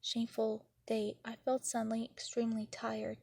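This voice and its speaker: A woman reading a novel chapter aloud in the first person, in a steady, even way. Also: a little high, moderate pace, no echo. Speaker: narrator.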